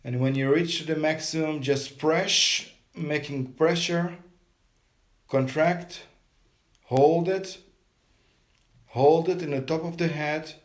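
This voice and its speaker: A man leading a guided meditation, giving calm step-by-step breathing instructions. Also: a little high, slow, long pauses.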